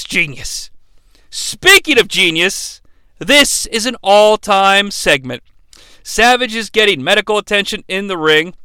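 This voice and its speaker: Hyped guy doing a funny recap, high lively voice, swears a lot, dry close mic. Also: smooth, no echo. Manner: excitable, swings between loud outbursts and fast asides, swears freely. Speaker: podcast host reviewing wrestling. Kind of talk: comedic recap narration.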